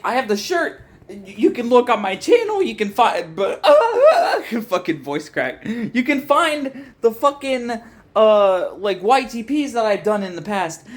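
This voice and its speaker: Profane, frustrated young video essayist ranting. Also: medium pitch. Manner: profane, frustrated, rambling with restarts. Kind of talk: ranting commentary.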